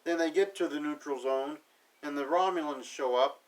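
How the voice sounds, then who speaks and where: A man's voice: fairly high pitch, normal speed, distant mic, rough recording. A man casually recapping a TV episode in a sarcastic, offhand way, paraphrasing the characters as he goes. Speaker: TV episode reviewer.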